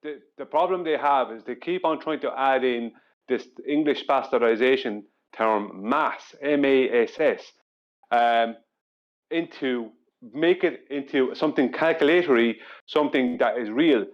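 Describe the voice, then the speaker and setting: A man's voice: mid-range voice, moderate pace, dull audio. A man in a live stream discussion, explaining a point earnestly with frequent restarts and repeats.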